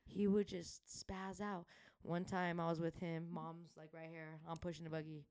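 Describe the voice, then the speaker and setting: A woman co-hosting a podcast in casual chat, telling stories in an animated, slangy, profane way. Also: fairly low pitch, normal speed, smooth, no room sound, studio quality. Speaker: podcast co-host.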